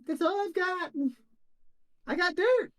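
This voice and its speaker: A woman voicing a tiny squeaky worker ant. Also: takes it slowly. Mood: reverent. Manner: stammering, humble and rambling. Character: tiny meek male worker ant, reverent.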